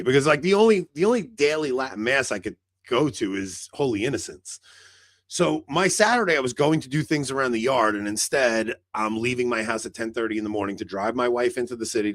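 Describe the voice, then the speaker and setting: Recorded dry, a man with a mid-range voice co-hosts a podcast and launches into a long, rambling story in casual chat. He peppers it with "like" and performs the dialogue himself.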